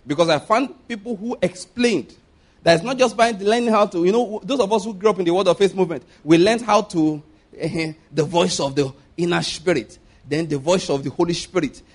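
A Nigerian-accented man delivers a lively sermon in a notably high voice. He fires rhetorical questions at his listeners and chuckles often as he makes his points. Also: moderate pace. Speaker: preacher.

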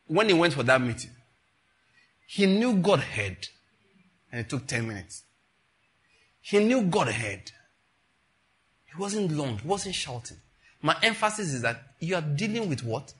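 Pastor, middle-aged, bright and fairly high voice, animated sermon delivery. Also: male voice. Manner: animated and conversational, acting out dialogues.

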